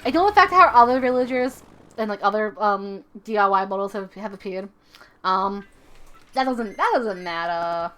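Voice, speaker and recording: A woman's voice: mid-range voice, normal speed, fairly bright tone, soft background music. A woman streaming a video game live, chatting casually and rambling, often repeating her own phrases.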